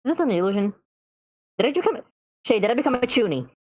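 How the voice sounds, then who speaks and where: A woman's voice: on the high side, very animated, fast talker. A woman playing a tabletop game over a voice call mic, blunt and quizzical, swearing often. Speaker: player.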